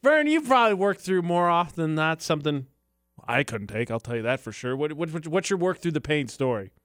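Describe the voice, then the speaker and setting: A man's voice: fairly high pitch, brisk, no echo, clean studio sound. Jokey male radio co-host. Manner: jokey, animated storyteller. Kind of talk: casual radio chat.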